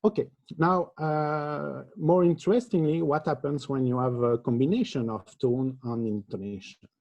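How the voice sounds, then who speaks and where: A man presenting an academic lecture over a video call, halting often with filler sounds. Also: on the high side, creaky, darkish tone, dry recording, muffled recording. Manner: hesitant, frequent filler sounds. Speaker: conference presenter.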